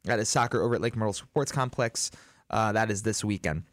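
A man's voice: lowish voice, brisk, no echo, clean studio sound. A man hosting a local sports talk show, reading event listings and joking with his co-hosts. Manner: lively, laughs often, lists events. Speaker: show host. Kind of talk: casual studio chat.

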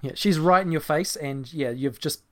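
A man's voice: on the high side, normal speed. A man narrating a tabletop game as game master, with frequent hesitations and fillers.

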